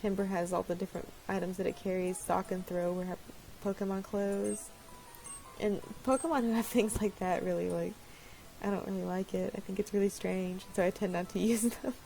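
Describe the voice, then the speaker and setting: Gravelly-voiced woman rambling over gameplay. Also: medium pitch, fairly even intonation, a little fast, dark tone, soft background music, rough recording. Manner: rambling, apologetic, laughs often. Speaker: let's-play host. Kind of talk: casual gameplay commentary.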